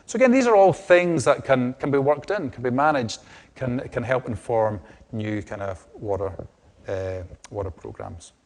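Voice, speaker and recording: A man's voice: medium pitch, lively intonation, moderate pace, darkish tone, slight background noise. A middle-aged man from Scotland with a strong Scottish accent, giving an academic lecture with frequent restarts and fillers. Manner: hesitant, many restarts and fillers. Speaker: lecturer on groundwater.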